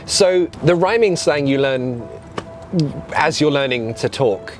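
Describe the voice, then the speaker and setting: English host, young woman, bubbly and encouraging, very lively intonation. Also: rumbling low, takes it slowly, faint music behind. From England. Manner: bubbly, coaxing, laughs often. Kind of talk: casual chat.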